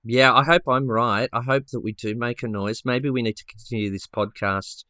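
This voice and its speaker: A man co-hosting a podcast, telling a story in a lively, casual way with many restarts and acted-out quotes. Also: medium pitch, normal speed, clear, resonant tone, no room sound, clean studio sound. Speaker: podcast co-host.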